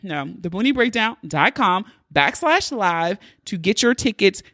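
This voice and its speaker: A woman's voice: mid-range voice, very animated, unhurried, fairly bright tone, dry recording. A woman hosting her own podcast, talking in a playful, chatty and freely profane way into a close mic. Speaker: podcast host. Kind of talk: casual podcast monologue.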